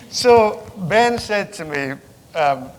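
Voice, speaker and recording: A middle-aged man giving a relaxed, joking lecture as a theology professor, often pausing on fillers. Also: high-pitched. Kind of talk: conversational lecture. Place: large lecture hall. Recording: reverberant hall with faint background noise.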